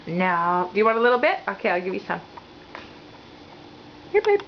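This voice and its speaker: A woman's voice: mid-range voice, sing-song, moderate pace. A woman filming her toddler at home, chatting to her in a playful, cooing sing-song on a handheld camera. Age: adult. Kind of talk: home video chat to a toddler. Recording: muffled home video, background noise.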